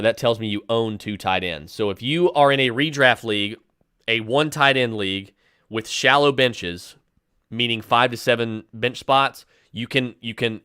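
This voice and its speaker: A man's voice: mid-range voice, a bit bright, smooth, no room sound, studio quality. A man hosting a podcast and firing off fantasy football advice, with emphatic, decisive picks broken up by fillers and restarts. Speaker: podcast host answering listener questions.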